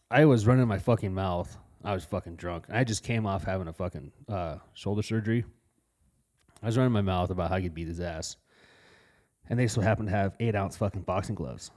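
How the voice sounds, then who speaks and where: Profane deep-voiced man telling stories. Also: darkish tone. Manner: profane, blunt storytelling. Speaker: podcast co-host. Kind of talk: casual storytelling chat.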